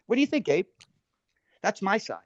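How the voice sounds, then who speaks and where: A man's voice: sits high, big pitch swings, moderate pace, no echo. A man arguing heatedly on a live stream, defensive and swearing, cutting in over others. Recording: dull lo-fi stream audio.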